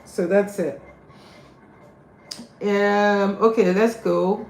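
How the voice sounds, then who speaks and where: Brisk woman teacher on a video call. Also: mid-range voice, fairly even intonation, darkish tone. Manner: direct, corrective, brisk prompting. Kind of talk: online group class teaching. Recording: echoey room, faint background noise.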